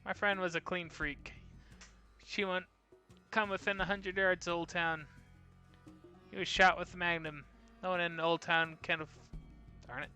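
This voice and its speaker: A man's voice: sits high, flat delivery, measured pace, long pauses, pushed and bright, clean tone, soft background music. A man reading as a chatty gun shop woman. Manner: rambling, apologetic, over-sharing. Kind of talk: reading game dialogue aloud.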